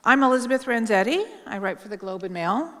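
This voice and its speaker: A woman's voice: fairly high pitch, animated, brisk, fairly bright tone. A middle-aged woman journalist giving a candid, wry tribute speech at a memorial, talking casually with plenty of ums. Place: large hall at a public event. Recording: long hall reverb.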